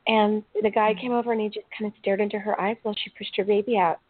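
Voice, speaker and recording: A woman's voice: medium pitch, level tone, fast, no echo. A woman hosting an interview podcast, emotional and rambling with many fillers as she tells stories. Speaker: podcast host. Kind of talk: casual interview chat. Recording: tinny call audio.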